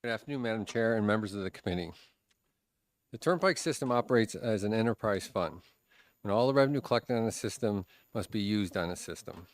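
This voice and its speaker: A man's voice: lowish voice, lively intonation, fairly quick, no echo. A man, a transportation official, reading prepared testimony to a committee, formal and stumbling on words. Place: legislative hearing room.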